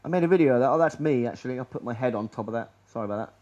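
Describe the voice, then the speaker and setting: A man's voice: mid-range voice, animated, rapid-fire, darkish tone, lo-fi sound. A man giving a rambling, sarcastic talk over slides, full of restarts and asides. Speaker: conspiracy lecturer.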